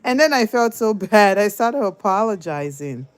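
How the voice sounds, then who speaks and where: A woman's voice: medium pitch, lively intonation, moderate pace, faint music behind. A woman hosting a livestream, telling a story casually, laughing often and swearing freely. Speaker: livestream host.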